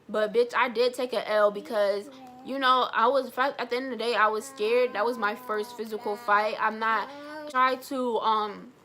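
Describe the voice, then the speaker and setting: A young woman vlogger telling a personal story in a blunt, animated way, swearing freely. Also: on the high side. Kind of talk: storytime vlog.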